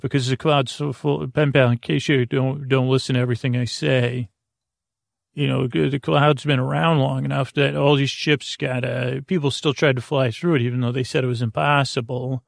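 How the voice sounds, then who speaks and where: A man tells an improvised story in a rambling, conversational way, speaking straight to the listener as a pen pal. His voice is mid-pitched with a gravelly edge. The sound is dry, with no room echo. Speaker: storyteller host.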